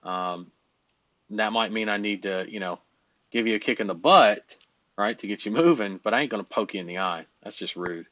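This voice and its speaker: Blunt rambling man with a low voice. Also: moderate pace, a bit bright, no echo, highs cut off. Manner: blunt, rambling, frequent fillers and profanity. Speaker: business coach. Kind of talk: casual coaching talk.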